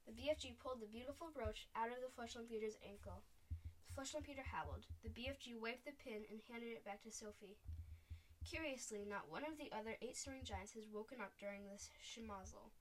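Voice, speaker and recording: A woman reading a children's book aloud, telling the story at a steady pace. Her voice is fairly high, and she sounds a little distant from the mic. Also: a little fast, slight background noise. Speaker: reader.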